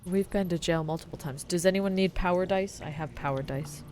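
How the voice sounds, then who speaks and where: Chatty low-voiced woman player. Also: brisk, a little mellow, slight background noise. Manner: enthusiastic, chatty. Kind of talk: casual tabletop game chat.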